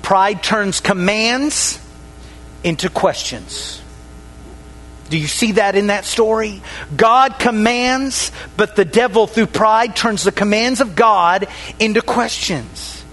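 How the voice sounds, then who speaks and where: A man preaching a sermon to a congregation, pausing dramatically, dropping his voice on key words and calling for responses. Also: a bit bright. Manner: dramatic pauses, drops voice low on key words.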